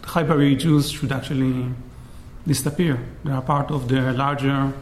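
A man giving an academic lecture in a measured way, often checking in with "right?". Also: medium pitch, fairly even intonation, slight background noise. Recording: roomy echo.

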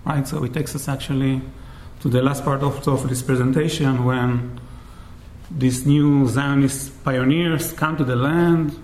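A man giving an academic lecture in a measured way, often checking in with "right?". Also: mid-range voice, steady tone, a little mellow. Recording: roomy echo.

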